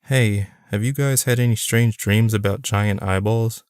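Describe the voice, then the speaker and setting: A man's voice: fairly low pitch, steady tone, unhurried, a little mellow, clear, resonant tone, no echo, clean studio sound, lightly acted. A man voicing an awkward, hesitant man in his mid-thirties, in an audiobook.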